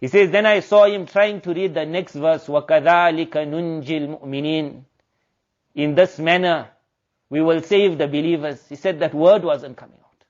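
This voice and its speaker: A man's voice: a little high, quick pace, highs cut off. A man preaching a sermon, telling a story earnestly and mixing in Arabic and Urdu religious terms. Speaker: Islamic preacher.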